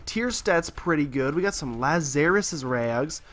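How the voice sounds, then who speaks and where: A young man in college rambling with sarcasm and lots of fillers while commenting on his gameplay as a let's play host, his voice a bit husky. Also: a little high, animated, measured pace, a bit bright. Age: young adult. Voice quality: slightly husky.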